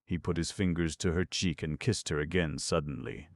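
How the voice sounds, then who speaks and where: A man reading a novel aloud as an audiobook narrator, in a measured, expressive manner. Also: sits low, dry recording, studio quality. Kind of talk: scripted narration.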